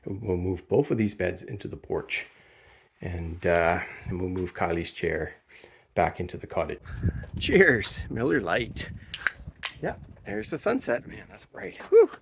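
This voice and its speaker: A middle-aged man films around his cottage, indoors and out, and chats casually in a relaxed, rambling vlog full of fillers. He has a low voice with vocal fry and a measured pace, and there is background noise.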